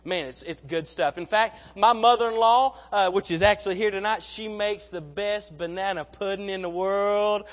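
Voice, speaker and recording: A man's voice: high voice, normal speed, hardly any pauses. A young man preaching a sermon in a folksy, conversational way, often repeating his words as he tells stories. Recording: long reverb of a large hall.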